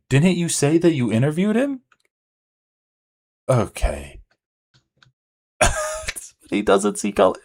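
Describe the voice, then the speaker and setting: A man commenting sarcastically and incredulously on a podcast clip during a live stream, swearing freely. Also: mid-range voice.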